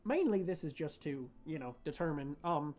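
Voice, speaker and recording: A hesitant woman official, played by a man running a tabletop game, who picks her words with care. She speaks in a halting, courteous way and keeps stumbling and restarting. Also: deep voice, lively intonation, dark tone. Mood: hesitant polite. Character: hesitant female official hosting a meeting.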